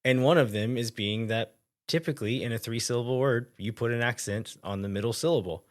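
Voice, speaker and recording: A man co-hosting a casual soccer podcast, easygoing and thinking out loud with loose asides. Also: mid-range voice, a little fast. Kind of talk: casual chat.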